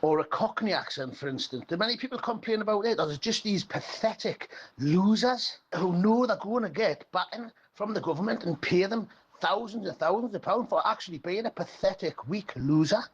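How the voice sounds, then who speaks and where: A man's voice: high-pitched, animated, fairly quick, few pauses, husky. A man phoning in to a radio show, ranting bluntly about workplace complaints. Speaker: caller. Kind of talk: phoned-in radio call. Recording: dull phone line with faint hiss.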